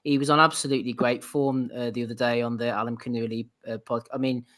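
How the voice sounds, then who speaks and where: A man's voice: mid-range voice, little pitch movement, fast talker, a bit bright. A man hosting a podcast in casual chat, laughing often and moving the segments along.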